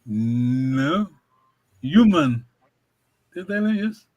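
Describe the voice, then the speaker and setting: A man's voice: medium pitch, big pitch swings, very slow, a little mellow, dull audio. A man teaching a language over a video call, encouraging and repetitive, often laughing. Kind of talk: online language lesson.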